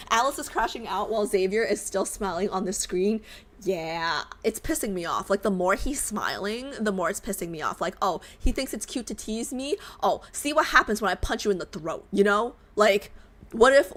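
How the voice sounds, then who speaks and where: Young woman streamer, very lively pitch, exasperated animated rants, desk mic at home. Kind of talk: game reaction stream.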